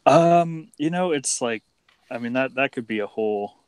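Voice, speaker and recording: A man's voice: medium pitch, lively intonation, moderate pace, darkish tone, smooth, dry recording. A man in his thirties, a stream guest, talking casually with hesitant, rambling phrasing. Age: 30s. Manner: rambling, hesitant, many fillers. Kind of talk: casual live-stream chat.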